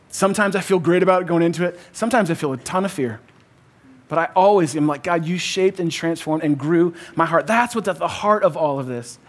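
A married man preaching a sermon, conversational but emphatic, repeating key phrases and calling on the congregation to answer back. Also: fairly high pitch. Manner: conversational, uses "like" and "kinda". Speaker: pastor.

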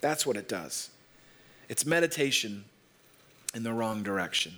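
A man preaching a sermon, telling stories and repeating phrases slowly for emphasis. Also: medium pitch, sing-song, fairly bright tone. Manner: storytelling preacher, leans on repetition and slows down for emphasis. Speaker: pastor.

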